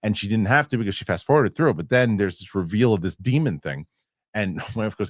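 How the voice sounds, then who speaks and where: Host, male, low voice that swings a lot, rambling with restarts, dry close sound. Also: animated, brisk, no room sound. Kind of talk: casual chat.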